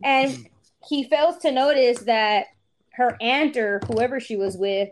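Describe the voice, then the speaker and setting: A woman co-hosting a casual podcast, telling a story with a high voice. She acts out what people said as she goes. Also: takes it slowly, slight background noise. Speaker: podcast co-host. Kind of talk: casual chat.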